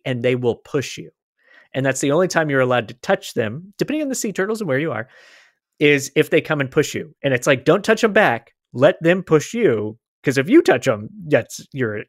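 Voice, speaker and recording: A man's voice: medium pitch, a bit bright, no echo. Chatty man podcast host, dry sound. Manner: chatty, laughs easily, restarts. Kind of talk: casual chat, reading a quote aloud.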